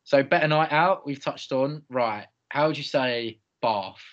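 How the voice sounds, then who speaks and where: A young man co-hosting a relaxed chat, reading audience answers and mocking his own ignorance. His voice sits at an ordinary mid pitch. The recording sounds a bit muffled and lo-fi. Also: unhurried. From London area. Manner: teasing, self-mocking, reads audience replies. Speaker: podcast co-host. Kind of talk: casual chat.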